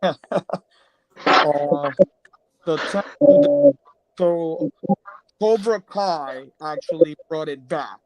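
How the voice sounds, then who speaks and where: A man's voice: fairly high pitch, lively intonation, drawn-out words, long pauses, a little mellow, dry recording, muffled recording. A man with a slightly raised voice stumbles over his words and turns playfully dramatic. The recording is close and dry. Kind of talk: casual podcast chat.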